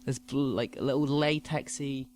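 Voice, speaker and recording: A man's voice: medium pitch, fairly even intonation, unhurried, darkish tone. A man hosting a comedy podcast, ranting profanely about trivial things. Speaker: podcast host. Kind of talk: comedic rant.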